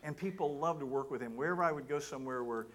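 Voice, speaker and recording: A middle-aged man giving a sermon, telling a personal story in an animated way and acting out his own thoughts. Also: medium pitch, quick pace. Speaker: guest preacher.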